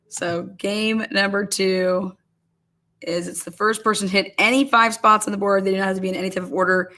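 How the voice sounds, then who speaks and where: A woman's voice: medium pitch, fairly bright tone. A woman hosting a casual livestream, calling bingo games and reading viewer comments aloud with frequent laughter. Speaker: livestream host.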